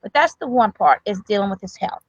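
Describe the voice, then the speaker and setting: A woman's voice: mid-range voice, lively intonation, fairly quick, slightly rough, no echo. Earnest grandmother telling a story, lo-fi. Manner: earnest, rambling with restarts. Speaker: grandmother and medical provider, guest. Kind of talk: emotional casual interview talk.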